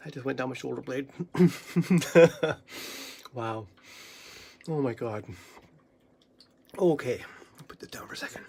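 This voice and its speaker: A vlogger talking in a loose, rambling monologue, swearing freely and sometimes dropping into soft whispers. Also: medium pitch, gravelly.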